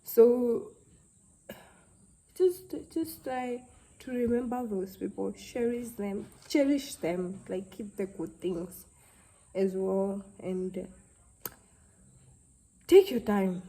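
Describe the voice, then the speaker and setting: A young woman, talking to camera in a halting, heartfelt way and close to tears. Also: mid-range voice, mellow, rough recording. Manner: halting, heartfelt, with many restarts. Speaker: vlogger. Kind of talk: casual talk to camera.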